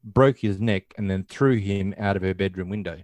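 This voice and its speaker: Low-voiced man recapping a film. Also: normal speed, darkish tone, dry recording. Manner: rambling, acts out quotes in passing. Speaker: podcast host. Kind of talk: casual film recap chat.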